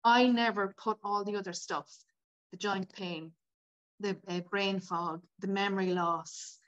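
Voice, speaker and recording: A woman's voice: medium pitch, fairly even intonation, unhurried, a bit bright, highs cut off. A woman, a podcast guest candidly telling her own story with many fillers. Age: 50s. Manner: candid and tearful at times, many 'like' fillers. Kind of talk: emotional personal storytelling.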